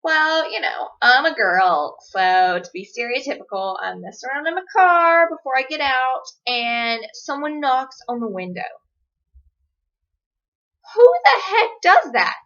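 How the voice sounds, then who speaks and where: A woman's voice: sits high, sing-song, measured pace, bright, forceful tone. A young woman, chatting sarcastically as she tells stories to the camera. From Georgia, USA. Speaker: vlogger. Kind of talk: casual chat. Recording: dull lo-fi recording.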